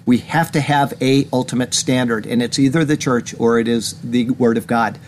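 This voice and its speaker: A man's voice: mid-range voice, steady tone, normal speed. Male pastor for a small-church sermon, earnest, voice climbs when indignant, faint hiss underneath. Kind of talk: sermon commentary reading news. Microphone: camera.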